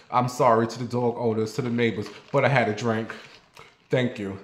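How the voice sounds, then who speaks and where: Rambling New man, roomy echo. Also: mid-range voice. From New York. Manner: rambling, blunt and profane, talks straight to viewers. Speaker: vlogger. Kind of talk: casual storytelling monologue.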